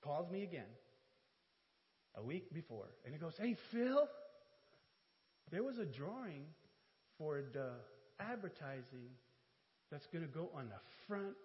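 A man giving an animated sermon testimony in church, telling stories with laughs and self-deprecating asides. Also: fairly high pitch, a little slow, pauses often. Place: church hall. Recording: dull church hall audio with reverb.

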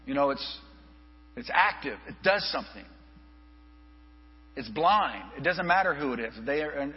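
A male pastor telling an animated story in a sermon, acting out the people he quotes. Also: a little high, breathy edge. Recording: reverberant hall, dull lo-fi with mains hum.

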